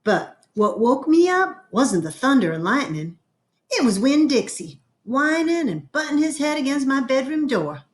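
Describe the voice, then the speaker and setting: Storyteller: woman reading a children's chapter book aloud, expressive, clears her throat now and then. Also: high voice, a little slow. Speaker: reader.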